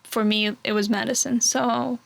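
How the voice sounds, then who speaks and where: A young woman in her twenties with a slightly high voice talks loosely and casually. She fills her answers with "like" and "um" and keeps a relaxed, chatty flow. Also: normal speed, vocal fry. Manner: chatty, filler-heavy, relaxed. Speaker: interviewee.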